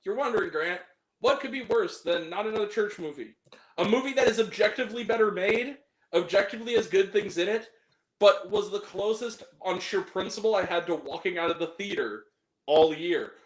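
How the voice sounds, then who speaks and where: A man co-hosting a casual podcast chat about movies, animated, swearing freely and breaking into laughter and exaggerated reactions. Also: sits high, a little fast, roomy sound, rough recording. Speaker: podcast co-host.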